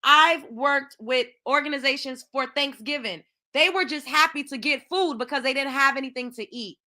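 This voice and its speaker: Woman host going off on a profane rant, high bright voice. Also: moderate pace. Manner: profane, heated, exclamatory. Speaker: show host. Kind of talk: ranting commentary.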